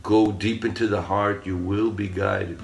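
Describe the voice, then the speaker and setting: A man's voice: fairly low pitch, level tone, measured pace, vocal fry, faint music behind. A man giving an earnest, rambling spiritual talk and telling a parable. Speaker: spiritual speaker.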